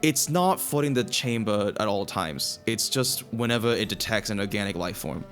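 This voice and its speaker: Acting as dungeon master at a tabletop game, a man explains the rules, restarting often. His voice is fairly low and fairly bright, with lively intonation and a moderate pace, over soft background music.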